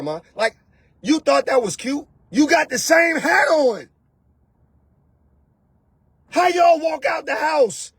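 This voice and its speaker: Male host, husky and high-pitched, dry sound, loud mocking delivery with soft mimicry. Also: no room sound. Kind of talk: animated rant to camera. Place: lives in Atlanta.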